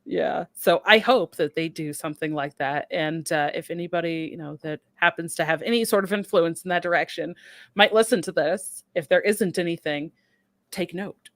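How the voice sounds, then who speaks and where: A woman's voice: fairly low pitch, normal speed, dry recording. A woman hosting a podcast, upbeat and gushing in casual chat, often laughing. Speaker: podcast host.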